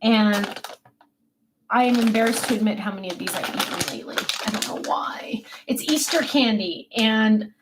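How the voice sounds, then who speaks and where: There's a noisy background behind this woman's medium-pitched, moderately paced voice. Hosting a casual livestream at her home desk, she chats about herself and answers comments from viewers in a self-deprecating, talkative manner.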